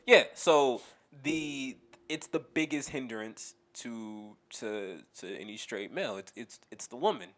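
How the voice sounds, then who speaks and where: A man's voice: medium pitch, animated, measured pace, a bit bright. A young man co-hosting a podcast in casual chat, rambling, swearing and laughing often. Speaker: podcast co-host.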